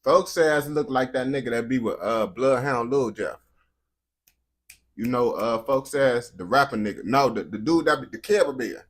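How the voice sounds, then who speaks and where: Slangy American man reacting with husky voice. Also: mid-range voice, normal speed. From United States. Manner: slangy, animated, swears constantly. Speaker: reaction video host. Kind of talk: profane casual reaction commentary.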